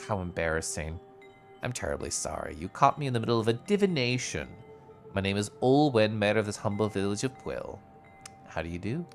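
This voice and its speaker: A man's voice: sing-song, normal speed, gravelly, faint music behind. A man voicing a troubled woman mayor of a village who mutters feverishly, reading her lines in a game. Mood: embarrassed. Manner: low muttering, then frantic warnings.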